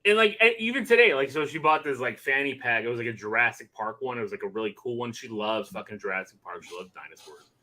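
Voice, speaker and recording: Bright-voiced, swearing podcast dad. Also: male voice, mid-range voice, fast. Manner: profane, animated storytelling about his kids. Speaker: podcast co-host. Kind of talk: casual chat.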